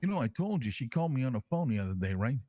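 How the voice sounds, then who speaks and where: A man's voice: mid-range voice, very fast, dry recording. A man playing a brash, crude crime-family boss who calls himself king, rambling and swearing through his stories in an online role-play. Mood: boastful. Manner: rambling storyteller, swears constantly, lively and animated.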